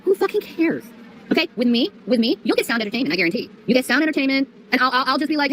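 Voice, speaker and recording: A woman's voice: high voice, animated, very fast, a bit bright, a little hiss or hum. A woman streamer on a profane rant, mocking and scolding her critics. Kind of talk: profane ranting livestream.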